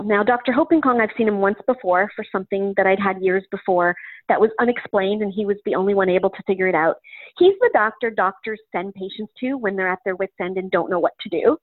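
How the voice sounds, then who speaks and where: A woman's voice: medium pitch, quick pace, no echo. A woman guest in an interview, recounting a personal story in a chatty way with frequent "um" fillers. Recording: tinny phone-line sound, dry.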